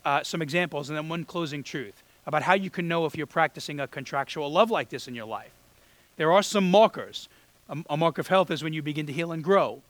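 A man's voice: fairly high pitch, a bit bright, no echo. Man preaching in a conversational way. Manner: conversational preaching, acts out quoted voices. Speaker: pastor. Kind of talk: sermon.

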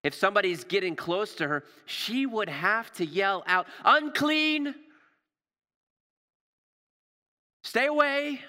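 A man preaching a sermon with passion, repeating words and dropping to a hush for emphasis, recorded in a church. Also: high-pitched, normal speed. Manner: impassioned, repeats words, drops to hushed emphasis. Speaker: pastor. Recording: long reverb of a large hall.

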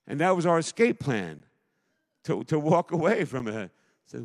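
A middle-aged man preaching a sermon as pastor, emphatic, swinging between loud declarations and hushed asides. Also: a little high, big pitch swings, normal speed. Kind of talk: impassioned sermon. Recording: long hall reverb.

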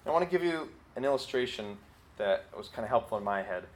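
A man teaching a sermon in a relaxed, conversational way, full of fillers like "like" and "you know". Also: mid-range voice, fast, slight background noise, poor audio. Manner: conversational, with many fillers and acted quotes. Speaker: Bible teacher.

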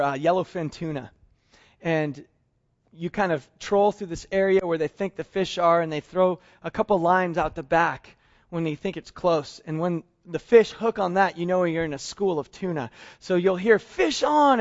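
A middle-aged man preaching a sermon, telling a story in a lively way and acting out the dialogue. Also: sits high, lo-fi sound. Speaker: pastor.

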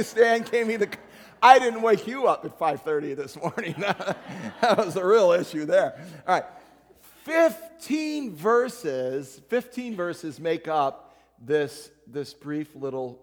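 A man with a notably high voice preaches a sermon to his congregation. He keeps it conversational, teasing and calling out people in the pews. His words ring out with a long reverb in the church sanctuary. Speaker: pastor.

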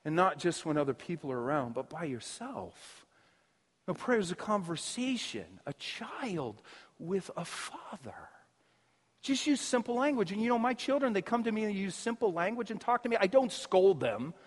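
Animated, high-voiced male preacher. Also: moderate pace, long reverb tail. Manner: animated, humorous, laughs often between points. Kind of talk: sermon.

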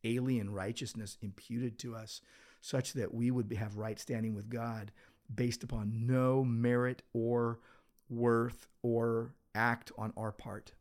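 A man's voice: medium pitch, level tone, slow pace, darkish tone. A man, a pastor co-hosting a church podcast, talking in a loose, rambling way with many restarts, recorded in an office. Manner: rambling, with frequent restarts and filler. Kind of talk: casual chat. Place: office full of books.

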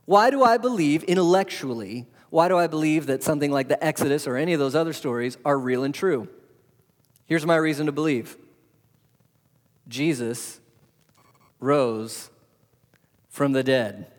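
Animated preacher man in a reverberant hall. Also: on the high side, fairly quick. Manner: animated preaching, rhetorical questions, swings loud to soft. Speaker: pastor. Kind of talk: sermon. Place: church hall.

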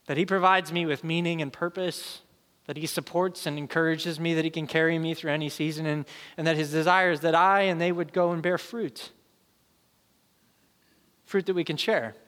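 Brief: male pastor in his thirties, sermon storyteller, bright tone, long hall reverb. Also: on the high side, moderate pace. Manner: animated storyteller, acts out voices.

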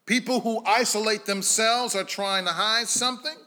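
A man preaching a sermon as pastor, telling stories and swinging between hushed, low passages and emphatic calls to the congregation. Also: steady tone, normal speed.

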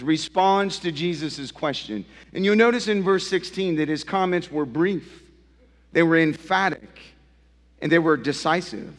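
A pastor preaching a sermon with emphatic repetition, his delivery swinging between low, quiet passages and loud, climactic ones. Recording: long hall reverb.

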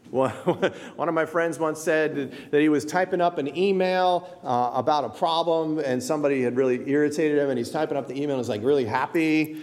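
A man giving a conversational sermon as pastor, animated and acting out people's inner thoughts. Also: mid-range voice, brisk. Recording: long hall reverb.

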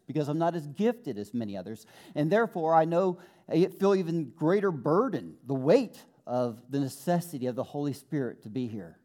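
A man preaching a sermon in an earnest manner, slowing down to quote scripture and building up with fervor. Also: fairly high pitch, warm tone. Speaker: pastor.

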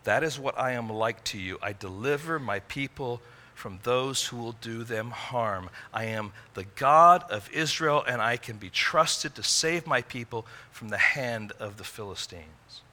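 A man preaching a sermon in an earnest way, rising to emphatic peaks and dropping low and quiet. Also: lively intonation, measured pace. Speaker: pastor.

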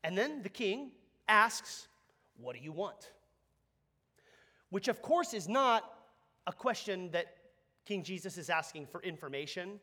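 A man preaching a sermon, animated and conversational, leading the congregation in call-and-response. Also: high voice, a little slow. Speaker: pastor.

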